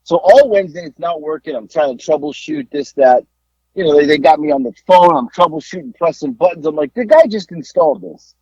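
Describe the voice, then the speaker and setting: A man with a husky, slightly high voice tells a rambling story on a casual podcast. His pitch swings widely as he acts out each side of a phone call. The sound is dry and a little dull, like a lo-fi recording. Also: animated, brisk, a little mellow, no room sound. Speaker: podcast co-host.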